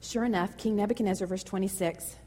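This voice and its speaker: A woman pastor preaching a sermon in a lively, conversational and emotional way. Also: medium pitch, fast, long reverb tail.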